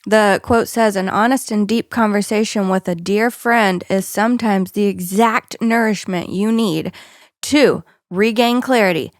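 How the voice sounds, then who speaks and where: A woman's voice: mid-range voice, a little slow, dry recording, clean studio sound. A young woman co-hosting a podcast in casual chat, playful and teasing. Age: young adult. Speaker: podcast co-host.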